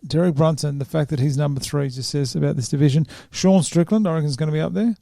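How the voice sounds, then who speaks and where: Aussie bloke hosting a casual chat, bit gravelly, slightly high voice, dry mic. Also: male voice, quick pace, warm tone, no echo. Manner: laughs often, says "I reckon" a lot. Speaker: podcast host.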